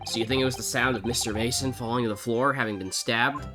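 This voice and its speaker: A woman's voice: extremely low pitch, fairly even intonation, fast, over music, voice pushed down. A woman voicing an earnest young defense lawyer, asking plain, matter-of-fact questions. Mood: questioning.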